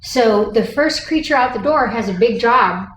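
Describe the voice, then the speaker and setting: A woman dog trainer giving a hands-on lesson, explaining calmly and coaxing the dog with upbeat praise. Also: a little high, normal speed. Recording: distant, echoey, faint noise.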